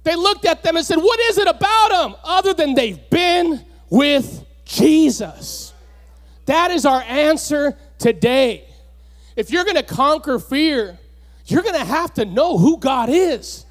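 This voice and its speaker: A pastor preaching a sermon with passion, repeating lines and building up to shouts. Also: male voice, extremely high pitch, animated, a little slow.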